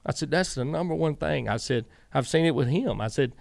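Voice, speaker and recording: Expressive and brisk, a middle-aged Southern man with a slightly high, creaky voice tells long, rambling stories as a guest in a casual interview, quoting himself and others. He's a former racing crew chief, and the recording has no room sound.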